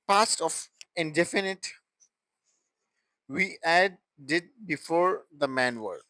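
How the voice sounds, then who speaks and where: Male grammar teacher, higher voice, slow and halting delivery, dry close sound. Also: bright, forceful tone, no room sound, poor audio. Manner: halting, with restarts and broken phrasing. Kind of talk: classroom grammar explanation.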